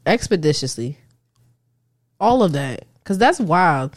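A woman's voice: mid-range voice, big pitch swings, brisk, a little mellow. A woman co-hosting a casual chat, blunt and mocking, often laughing. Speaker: podcast co-host.

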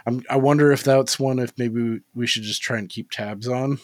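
A man's voice: mid-range voice, fairly even intonation, moderate pace, dry recording. A man co-hosting a podcast in casual chat, laid-back, swearing freely and full of "like" fillers. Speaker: podcast co-host.

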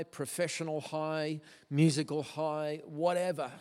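A man's voice: medium pitch, measured pace. Man telling his testimony in a hall. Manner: earnest, stumbling restarts, grows emotional. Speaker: guest speaker. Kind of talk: testimony talk to a church audience. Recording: long hall reverb.

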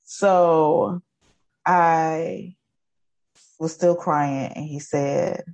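A woman's voice: low-pitched, steady tone, drawn-out words, creaky, pauses often, a little mellow. A woman in her forties, an educator, giving an emotional personal testimony in an earnest, repetitive storytelling way. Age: 40s. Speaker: guest, educator.

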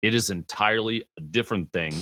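A man, a guest streamer on a gaming podcast, telling animated stories and acting out quotes. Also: fairly low pitch, quick pace, dry recording. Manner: animated storyteller, acts out quotes. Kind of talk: podcast conversation.

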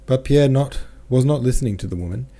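A man narrating a classic novel as an audiobook reader, in a measured, steady manner. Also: medium pitch.

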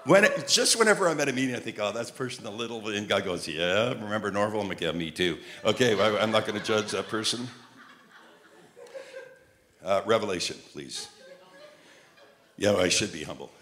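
An older male preacher from Montreal, telling humorous stories in his sermon and rising to loud, emphatic peaks. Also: on the low side, animated, normal speed, pauses often. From Montreal, Canada.

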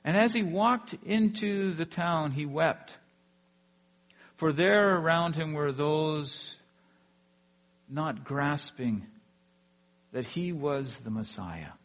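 A man preaching a sermon earnestly, letting his voice fall softly at the ends of phrases. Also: fairly high pitch, takes it slowly, long pauses. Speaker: pastor.

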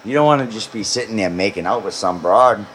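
A man's voice: lowish voice, fairly quick, fairly bright tone, a little hiss or hum. A man in his thirties co-hosting a podcast, talking in a blunt, profane, laid-back way. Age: 30s. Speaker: podcast co-host. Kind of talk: casual podcast chat.

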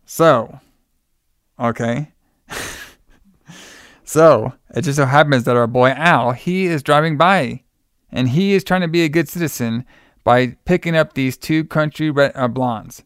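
A man recapping a movie in casual chat, animated, laughing and swearing often. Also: mid-range voice, unhurried, long pauses, smooth, no room sound, clean studio sound.

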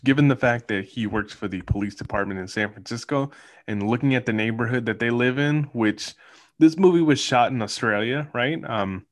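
A man co-hosting a casual movie podcast, musing about filming locations in a rambling way with many fillers. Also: mid-range voice. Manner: rambling, filler-heavy, thoughtful asides. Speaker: podcast co-host.

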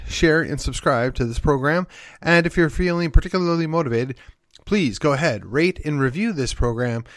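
Male podcast host from Wisconsin, fairly high voice, folksy and sardonic, dry close recording. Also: no room sound. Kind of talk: opinionated political monologue.

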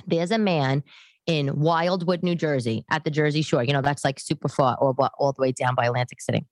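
A woman's voice: deep voice, fairly even intonation, a little fast. A woman in her thirties from New York, chatting at home to camera in a rambling, self-deprecating way. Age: 30s. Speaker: podcast host. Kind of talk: casual monologue to camera. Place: her living room. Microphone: camera setup at home.

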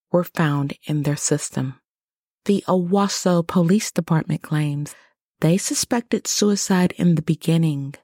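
A woman hosting a podcast at home, talking quietly and low so she won't wake her household. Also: husky, no room sound, clean studio sound. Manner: quiet and low, speaking softly. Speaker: podcast host. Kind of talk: podcast monologue. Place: home, early morning.

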